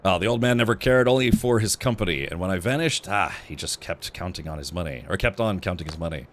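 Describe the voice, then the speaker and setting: A man voicing a bitter, scheming young traitor son in a put-on French accent, speaking in a slow, sneering way. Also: low-pitched, animated, pitched below the performer's own voice. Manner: sneering, resentful, slowed. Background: game music.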